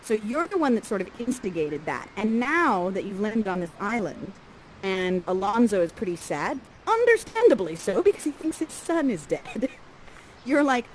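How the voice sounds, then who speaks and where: A woman coaching actors through a scene, lively and acting out lines for the performers. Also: medium pitch, normal speed, slight background noise, low-quality recording.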